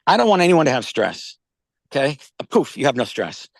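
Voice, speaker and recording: A man's voice: medium pitch, sing-song, normal speed, gravelly, no room sound. An older man, casually telling rambling stories on a video call and often checking in with "okay?". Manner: rambling storyteller, repeats words, says "okay?" and "all right?" often. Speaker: company founder pitching wellness products.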